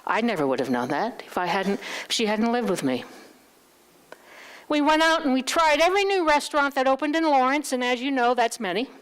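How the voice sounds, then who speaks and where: A woman's voice: high-pitched, a little fast, clear, resonant tone. A middle-aged woman speaking at a church, telling a candid personal story and acting out the dialogue. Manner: candid, animated, acts out dialogue.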